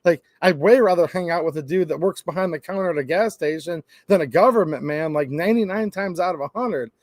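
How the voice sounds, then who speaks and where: A man's voice: a little high, fairly quick, darkish tone, no echo. A man hosting a gun rights channel, talking to camera in a rambling, emphatic, conversational way. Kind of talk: casual monologue to camera.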